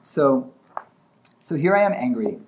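A man's voice: medium pitch, expressive, measured pace, darkish tone, slight background noise. A man giving a casual teaching talk, thinking aloud with frequent restarts and acting out short examples.

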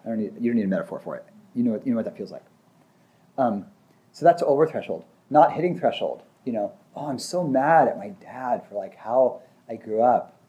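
A man explains ideas in a loose, conversational teaching talk. His voice is mellow and warm at a middle pitch. He restarts sentences often and acts out brief examples as he goes.

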